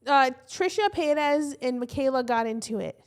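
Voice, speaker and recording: A woman with a Midwestern American accent talks in a fairly high voice. She co-hosts a podcast and tells stories in a loose, rambling way, full of fillers and swearing. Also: expressive, moderate pace, clean tone. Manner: swears freely, rambling storytelling with lots of fillers. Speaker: podcast co-host. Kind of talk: casual chat.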